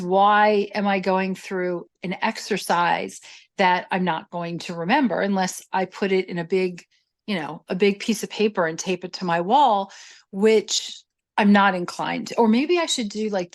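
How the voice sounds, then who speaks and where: A woman's voice: medium pitch, measured pace. A woman co-hosting a podcast in casual chat, candid and self-deprecating, laughing easily. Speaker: podcast co-host.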